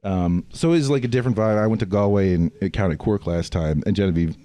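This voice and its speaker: A man's voice: low voice, fast, mellow. A man hosting a podcast, telling rambling, profane stories in casual chat. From United States. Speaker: podcast host.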